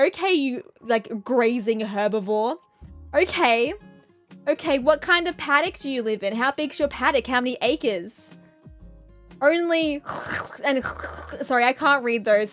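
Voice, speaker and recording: Young woman streamer, high and very lively, playful rambling chat. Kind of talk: casual chat reading viewer comments.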